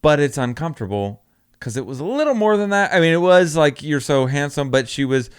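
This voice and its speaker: A man's voice: fairly high pitch, sing-song, fairly quick, clear, resonant tone. A young man co-hosting a podcast, talking earnestly and a bit hesitantly in casual chat. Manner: earnest, hesitant, many fillers and restarts. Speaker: podcast co-host.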